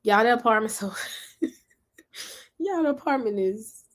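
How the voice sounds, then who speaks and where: A woman's voice: on the high side, expressive, measured pace. A woman from Memphis with a Southern accent, chatting and rambling casually on a livestream while reading comments. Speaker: livestream host.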